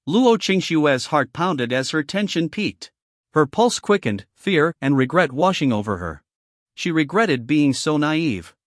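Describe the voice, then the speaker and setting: A man's voice: on the high side, no room sound, studio quality. A man narrating a story recap in a scripted style, reading every character's lines in his own voice.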